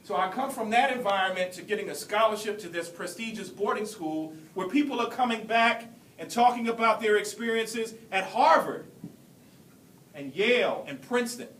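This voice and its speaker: A high-voiced man in his forties from Brooklyn delivers a keynote address, telling his story earnestly with deliberate pauses. He stands well back from the mic in a large, echoing hall. A faint rumble hums underneath. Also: lively intonation, a bit bright, far from the mic. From Brooklyn, New York. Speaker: keynote speaker. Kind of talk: motivational speech.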